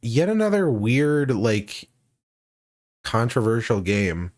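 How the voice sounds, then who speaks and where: A man's voice: mid-range voice, very animated, slow, darkish tone, no room sound, clean studio sound. A man co-hosting a casual reaction chat, joking and sarcastic, swearing freely. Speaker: co-host reacting to a trailer.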